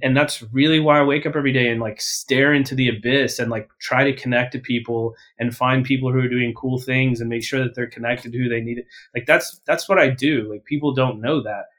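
Male podcast guest, mid-pitched voice, casual, blunt and profane, rambles through his points with constant fillers. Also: fairly even intonation, brisk, hardly any pauses, fairly bright tone. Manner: self-correcting and full of verbal fillers. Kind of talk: casual interview talk.

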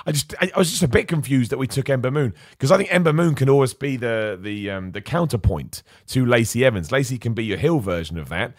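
A man's voice: mid-range voice, animated, fast talker, hardly any pauses, no room sound, studio quality. A man hosting a podcast, chatting casually and with opinions about wrestling, reading out viewer comments and often stumbling over his words. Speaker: podcast host. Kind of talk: casual wrestling chat, reading super chats.

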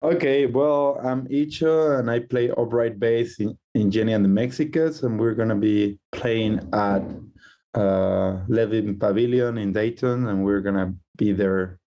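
A man whose first language is Spanish, a musician guest on a call from Madrid, talks in a chatty, animated way with many fillers and quick laughs. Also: fairly low pitch, muffled recording. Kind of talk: casual interview over a call. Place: in Madrid, recorded remotely.

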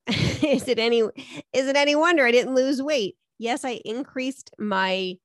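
A woman's voice: mid-range voice, no echo, studio quality. A middle-aged woman hosting a solo podcast from home, chatting and telling self-deprecating stories before giving advice. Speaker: podcast host. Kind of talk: casual solo podcast monologue. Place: home room.

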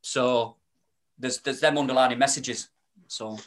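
A man's voice: medium pitch, steady tone, measured pace. A man, chatting as a podcast guest, rambling with many restarts and fillers. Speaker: podcast guest, spoken-word performer. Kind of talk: casual podcast chat.

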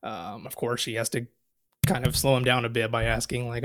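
A man's voice: mid-range voice, steady tone, a little fast. A man co-hosting a podcast, casually retelling movie scenes and quoting the lines with swearing. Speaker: podcast co-host. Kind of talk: casual movie recap chat.

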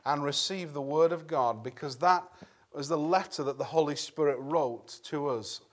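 A man preaching an evening sermon in a church, earnest and conversational, clearing his throat and restarting phrases now and then. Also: on the high side, moderate pace.

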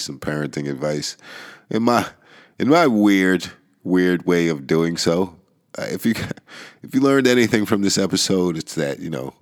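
A man hosting a casual solo podcast, rambling and swearing, laughing often and trailing off into mumbles. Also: low-pitched. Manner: rambling and profane, with frequent laughs and restarts. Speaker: podcast host.

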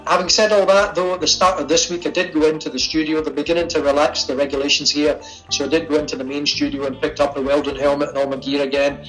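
A man's voice: fairly high pitch, a bit bright, low-quality recording. A man from Scotland with a Scottish accent, a sculptor chatting easily as a guest in a remote interview from his attic studio at home. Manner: easygoing, chatty, laughs easily. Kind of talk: casual interview over a call. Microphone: remote call.

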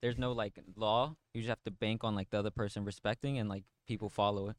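A young man chats casually with friends, telling a story in an easygoing way and hedging as he goes. His voice is smooth and clear. The recording is dry and close. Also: lowish voice, steady tone, fast, no room sound. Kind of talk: casual chat.

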